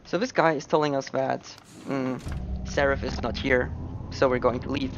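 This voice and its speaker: Gravelly man commenting on a speedrun. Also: medium pitch, moderate pace, dull audio, noisy background. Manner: relaxed, joking asides. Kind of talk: casual gameplay commentary. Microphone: headset.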